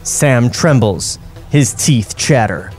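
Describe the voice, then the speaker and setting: A man reading the stage directions aloud in a comedic table read, steady and plain with dry asides. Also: mid-range voice, slow pace, slightly rough, soft background music. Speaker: script reader and narrator.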